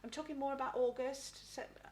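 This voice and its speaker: Woman, medium, fairly high voice, halting speech, faint background noise. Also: steady tone, a little mellow. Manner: halting, repeats words, asks "please?" often. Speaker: psychic medium. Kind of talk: live spirit reading.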